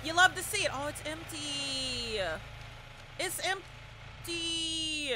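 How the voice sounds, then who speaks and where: A young woman streaming a horror game live, commenting excitedly and shouting repeated cheers and trash talk at her teammates. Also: sits high, slow pace, background noise.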